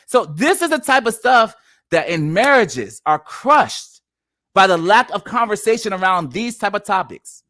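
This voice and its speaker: A man's voice: high-pitched, a little slow, no room sound. A man co-hosting a faith-based podcast discussion, talking in an emphatic, preaching-like way. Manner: animated, emphatic preaching-like delivery. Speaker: podcast co-host.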